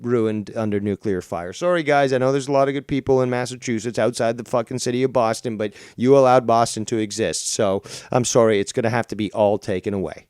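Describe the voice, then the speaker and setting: A man hosts a casual podcast with crude, sarcastic rants. His voice sits at a middle pitch. The sound is dry and close, with no room echo. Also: steady tone, fairly quick, few pauses, a little mellow, clean tone. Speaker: podcast host.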